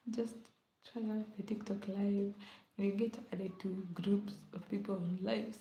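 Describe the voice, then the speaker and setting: Woman, live stream chat, drifts into whispers, very mellow tone, echoey room, faint hum behind. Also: medium pitch. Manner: rambling, often drops to a whisper. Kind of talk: casual late-night live chat. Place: indoor room at home.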